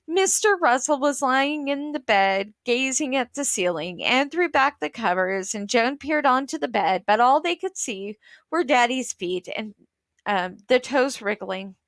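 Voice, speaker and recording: A woman reading a children's book aloud, expressive, with small slips and asides. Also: high-pitched, measured pace, no room sound.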